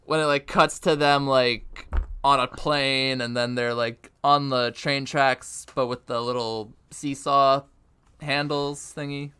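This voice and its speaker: Bright, clear-voiced rambling podcast guy. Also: medium pitch, fairly even intonation, slow pace. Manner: rambling, lots of filler and goofy put-on voices. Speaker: podcast co-host. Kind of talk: casual comedic chat.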